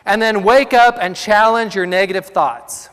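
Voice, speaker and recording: Guy with a pretty high voice doing a chatty self-help talk, acts out the voices in his head, long echo tail. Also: moderate pace, clean tone. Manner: animated, acts out inner voices. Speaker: motivational speaker. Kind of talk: motivational speech. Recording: long hall reverb.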